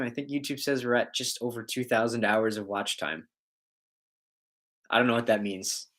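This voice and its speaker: A man's voice: fairly low pitch, fairly bright tone. A man hosting a casual livestream, reading out viewer comments and rambling in a joking way, often breaking into laughs.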